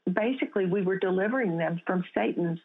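A woman's voice: lowish voice, a little fast. A woman guest telling a faith testimony in an interview, speaking earnestly with frequent restarts. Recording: tinny phone-line sound.

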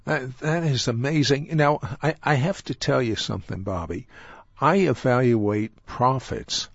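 A man hosting an interview, asking questions in a halting way and repeating words as he starts. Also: mid-range voice, vocal fry, slightly rough, no echo, highs cut off. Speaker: TV interview host.

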